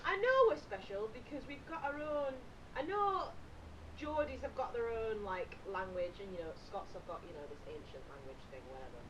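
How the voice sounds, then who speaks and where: A woman's voice: on the high side, expressive, normal speed, fairly bright tone, highs cut off, a little hiss or hum. A woman with a Yorkshire accent, co-hosting a casual podcast chat, chatty and teasing and laughing often. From Yorkshire, England. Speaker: podcast co-host.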